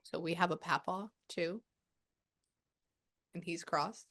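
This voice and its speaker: A woman working as a medium, passing on a spirit's messages in a casual, chatty way with many pauses. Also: on the low side, fairly bright tone. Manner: relays a spirit's words with quick asides and pauses. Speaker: psychic medium. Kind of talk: spirit reading session.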